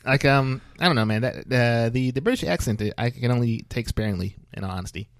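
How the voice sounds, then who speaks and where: A man's voice: mid-range voice, a little fast, dry recording, studio quality. A man co-hosting a podcast in casual chat, joking and laughing often. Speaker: podcast co-host.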